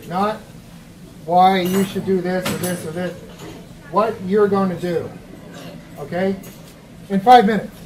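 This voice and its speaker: A man's voice: sits high, steady tone, takes it slowly, pauses often. A man moderating a candidates' forum, informal and instructing. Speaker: event moderator. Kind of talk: casual event hosting. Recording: noisy room recording.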